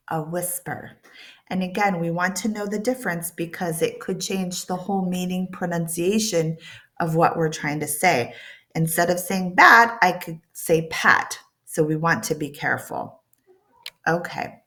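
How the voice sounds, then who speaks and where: Woman pronunciation teacher, bright and clear, deliberately slow, careful drills. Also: lowish voice. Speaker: accent reduction teacher. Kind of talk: pronunciation lesson.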